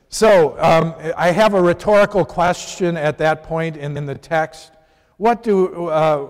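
A man with a fairly high voice teaches a Bible class in a loose, conversational way, often asking his listeners questions. His voice rings with a long reverb, as in a church hall. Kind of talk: informal Bible lesson.

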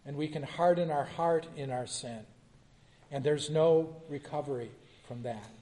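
Male pastor leading a Bible study, mellow tone, reads scripture then asks questions; long hall reverb. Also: a little high, measured pace.

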